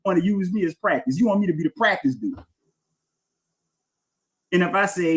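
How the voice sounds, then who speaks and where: A man's voice: sits high, lively intonation, normal speed, long pauses. A man ranting on a replayed livestream, indignant and mocking. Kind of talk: livestream rant played back.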